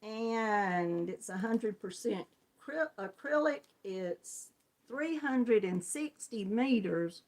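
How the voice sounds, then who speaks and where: A woman's voice: medium pitch, animated, slow pace, darkish tone. A woman with a Southern US accent hosting a casual live crochet chat, greeting viewers by name and laughing often. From Georgia, US. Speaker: crochet channel host.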